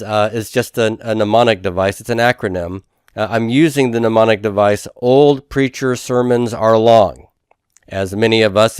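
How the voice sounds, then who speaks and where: A man's voice: lowish voice, smooth, dry recording, studio quality. A man teaching a lecture, explaining rules step by step and asking the class rhetorical questions. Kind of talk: recorded lecture.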